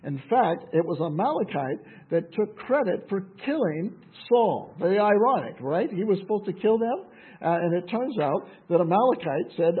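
A man's voice: high voice, very animated, moderate pace, breathy edge. A man reading a Bible passage aloud and adding conversational comments. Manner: conversational asides, frequent fillers and restarts. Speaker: Bible teacher. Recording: tinny phone-like sound.

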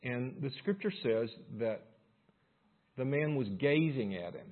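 A man's voice: mid-range voice, expressive, a little slow, phone-quality sound. A man preaching a sermon and reading scripture aloud, building force as he reads. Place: church service room.

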